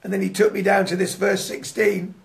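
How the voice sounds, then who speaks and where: Male preacher, high and gravelly, fervent and often laughing. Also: level tone, a little fast. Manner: fervent, swinging between loud declarations and hushed prayer; laughs often while telling a story. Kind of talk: sermon with prayer and testimony.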